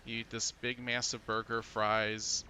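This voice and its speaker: Bright-voiced chatty man storyteller. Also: mid-range voice, completely flat delivery, unhurried, a little hiss or hum. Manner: chatty storyteller, chuckles often, many fillers. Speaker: podcast co-host. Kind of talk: casual chat on a live game stream.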